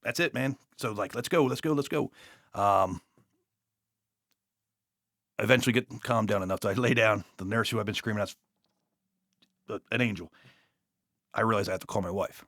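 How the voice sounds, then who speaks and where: A man with a New York accent, a police officer telling his story as a guest in a blunt, profane, animated way. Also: lowish voice, moderate pace, pauses often, dry recording, studio quality.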